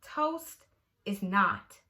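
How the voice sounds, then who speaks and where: A woman voicing a grumpy, stern old neighbor woman who speaks slowly and grumbles. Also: mid-range voice, sing-song, sharp tone, heavily acted. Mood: grumbling. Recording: echoey room.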